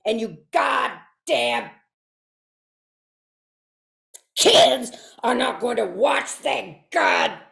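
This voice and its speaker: A woman voicing an angry, profane old war veteran in a comic monologue, shouting and cursing. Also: fairly high pitch, gravelly, reverberant, full character voice.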